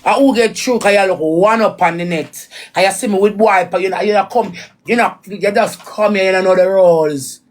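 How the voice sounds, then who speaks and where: A woman's voice: medium pitch, moderate pace. A woman with a Jamaican accent giving blunt, repetitive commentary in patois on a reaction vlog.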